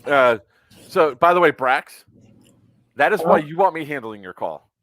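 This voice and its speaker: A man co-hosting a casual podcast who talks in an animated way and laughs often. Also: fairly high pitch, measured pace, a little hiss or hum. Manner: animated, laughs often, firm and scolding on a complaint call. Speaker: podcast co-host. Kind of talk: casual chat.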